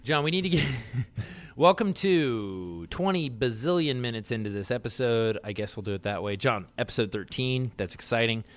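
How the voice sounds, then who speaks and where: A man co-hosting a casual movie podcast, his voice swinging widely in pitch as he rambles and laughs. He jumps between thoughts with restarts and bursts of enthusiasm. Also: lively intonation, moderate pace. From Philadelphia area. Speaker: podcast co-host.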